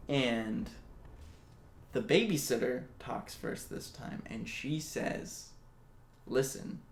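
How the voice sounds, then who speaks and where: With an expressive mid-range voice and a slow pace, a male storyteller host casually tells a spooky story. He's jokey and laughs at his own asides, recorded in an echoey room with a faint hiss.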